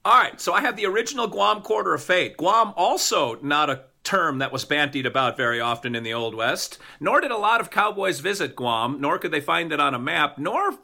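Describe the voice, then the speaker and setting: Gravelly, animated comedic man. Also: on the high side, fairly quick, few pauses. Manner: playful, exaggerated and mock-indignant. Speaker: podcast co-host. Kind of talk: comedic debate banter.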